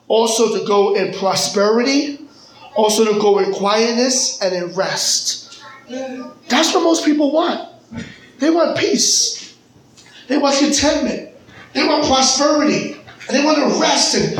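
A male pastor preaching a sermon in a church, with dramatic pauses and rising emphasis. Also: high voice, echoey room, poor audio. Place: church sanctuary. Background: soft keyboard music.

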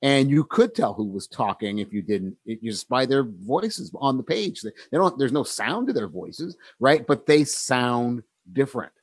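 A man in a relaxed conversation about writing, talking thoughtfully with frequent pauses, ums and easy laughter. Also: mid-range voice, husky, no echo.

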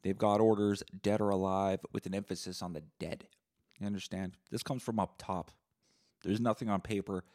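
A man hosting a solo podcast, rambling in crude deadpan humor. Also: on the low side, normal speed. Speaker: podcast host.

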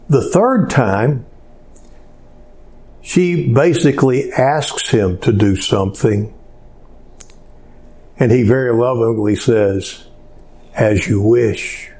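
A man delivers a sermon at an unhurried, drawn-out pace, speaking at a medium pitch. He talks in a relaxed, conversational way, pausing often and filling the gaps with small hesitations. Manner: slow, conversational, with frequent pauses and fillers. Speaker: pastor.

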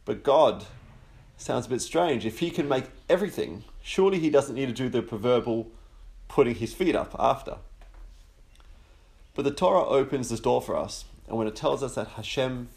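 A man hosting a podcast, giving a relaxed religious teaching that slows down on key words and builds through long lists. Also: mid-range voice, gravelly. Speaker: podcast host teaching on the Sabbath.

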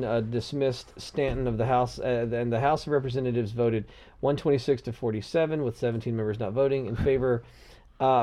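A man in a casual podcast chat who wanders through his points and laughs easily. His pitch sits in the middle range, and he gets suddenly loud when something excites him. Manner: rambling, laughs often, loud bursts of excitement. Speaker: podcast co-host.

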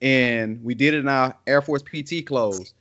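A podcast co-host chats casually, rambling loosely with lots of fillers and slang. His voice is medium-pitched and a bit bright at normal speed, recorded on dull lo-fi audio.

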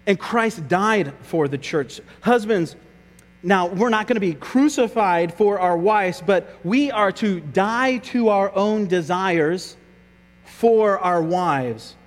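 A man's voice: sits high, lively intonation, takes it slowly, big-room sound. A man preaching a sermon as pastor, earnest and conversational, often repeating his words as he goes.

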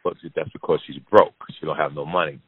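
A man hosting a podcast, telling a long personal story to his audience in a lively, profane way, repeating lines for emphasis. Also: extremely low pitch, quick pace, breathy edge, no echo. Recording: dry, phone-like narrow sound.

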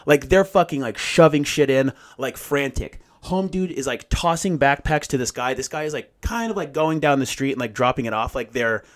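A man's voice: mid-range voice, moderate pace, few pauses. A man casually telling a long story, swearing freely and acting out what people said. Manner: profane, animated storytelling with acted-out quotes. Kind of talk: casual chat.

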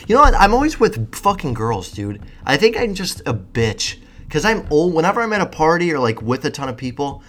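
A nineteen-year-old man rambling casually to viewers, answering questions with lots of swearing and animated rants. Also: mid-range voice. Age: young adult. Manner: profane, animated, self-deprecating rants.

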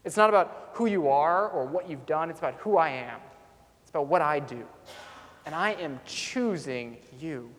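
A man's voice: on the high side, animated, normal speed, fairly bright tone. A man preaching a sermon as a pastor, telling a story earnestly and coming back to a repeated refrain. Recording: long reverb in a large hall.

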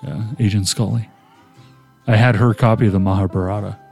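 A man's voice: lowish voice, fairly even intonation, brisk, creaky, darkish tone, soft background music. A man hosting a podcast, telling a long, rambling story in casual chat. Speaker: podcast host.

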